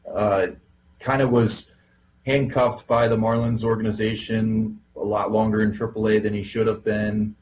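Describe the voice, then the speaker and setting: Easygoing low-voiced podcast man. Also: highs cut off, slight background noise. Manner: easygoing, filler-heavy. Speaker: podcast co-host, minor league broadcaster. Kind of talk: casual podcast chat.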